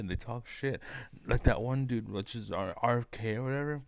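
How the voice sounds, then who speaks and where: A man vlogging in a rambling, foul-mouthed rant, his voice gravelly and rough at the edges. He talks at an ordinary pitch in a dry, close space with no room echo. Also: normal speed. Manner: profane, rambling, combative. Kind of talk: ranting monologue to camera.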